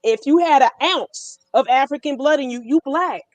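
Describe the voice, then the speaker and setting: A woman's voice: high voice, normal speed, dry recording. A middle-aged woman from Brooklyn with a New York–North Jersey accent, telling stories animatedly and emphatically as a panel guest. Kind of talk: casual panel discussion.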